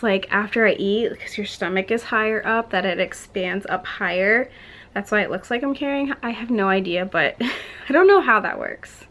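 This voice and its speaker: A woman's voice: medium pitch, a bit bright. A young woman vlogging to camera, telling a story in a chatty, rambling way with lots of "like" and restarts, laughing often between words and a little out of breath.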